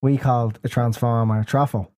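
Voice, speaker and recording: A man's voice: medium pitch, fairly even intonation, brisk, mellow, no room sound. Dublin man telling stories, dry sound. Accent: Dublin Irish. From Ireland. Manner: storytelling, laughing at his own tales. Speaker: podcast co-host. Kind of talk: casual banter.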